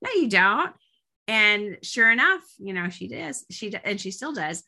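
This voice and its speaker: A woman's voice: mid-range voice, expressive, moderate pace, gravelly, pushed and bright. A woman in her forties leading a parenting coaching group, talking casually with many fillers and restarts.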